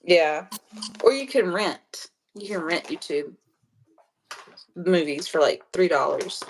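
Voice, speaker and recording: A young adult woman, a nurse, chatting casually and telling animated stories with frequent laughter. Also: on the low side, slow, a little hiss or hum. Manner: animated storyteller who laughs often. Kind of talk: casual chat.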